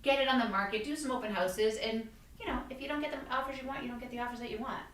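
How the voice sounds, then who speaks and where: A woman's voice: fairly high pitch, racing, fairly bright tone. Chatty woman agent in an echoey room. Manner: chatty storyteller, acts out quotes. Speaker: real estate agent and podcast host. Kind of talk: casual podcast chat. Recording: echoey room, mic at a distance.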